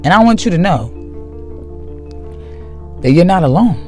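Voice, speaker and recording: A man giving a slow, emphatic spiritual monologue to his viewers, repeating key phrases for weight. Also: high-pitched, big pitch swings, faint music behind. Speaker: spiritual video host.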